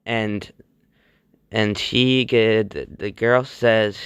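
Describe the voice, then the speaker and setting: A man's voice: fairly low pitch, fairly even intonation, slow pace, smooth, no room sound, clean studio sound. A man narrating a homemade cartoon in a rambling, stumbling, offhand way.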